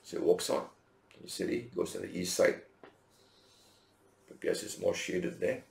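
A man preaching a sermon as pastor, telling the story in a lively way and acting out the dialogue with big leaps in pitch. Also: normal speed, vocal fry, roomy sound.

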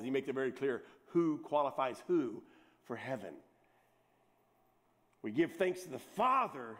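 A middle-aged man, a pastor preaching a sermon, teasing his congregation with joking asides and repeating words as he gets going. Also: on the high side. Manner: repeats words and restarts when excited.

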